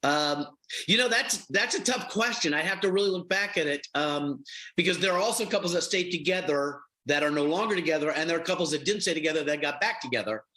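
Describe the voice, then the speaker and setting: Middle-aged male TV host, bright forward tone, easy anecdotal interview delivery. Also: on the high side, fairly quick, low-quality recording. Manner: affable storyteller, animated. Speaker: reality show host. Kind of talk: TV interview answers.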